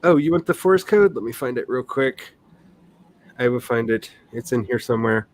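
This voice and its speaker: A man's voice: medium pitch, expressive, normal speed. A man in his forties chatting casually on a livestream, rambling along, reading his chat and laughing often. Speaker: livestream host, writer.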